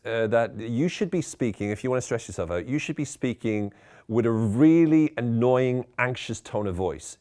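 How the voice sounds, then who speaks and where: A man giving mock-serious, tongue-in-cheek self-help advice in a conversational, ironic way. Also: on the low side.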